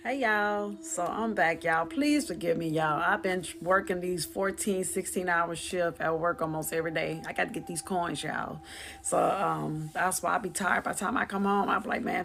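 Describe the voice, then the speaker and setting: A woman's voice: lowish voice, gravelly, fairly bright tone. A woman vlogger telling a childhood story in a chatty, slangy way, acting out her family's lines as she goes. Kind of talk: casual storytelling to camera.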